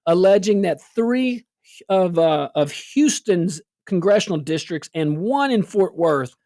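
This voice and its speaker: A woman's voice: lowish voice, animated, measured pace, dark tone, dry recording, studio quality. A woman hosting a political talk show, sarcastic and full of rhetorical questions. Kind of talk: casual political commentary.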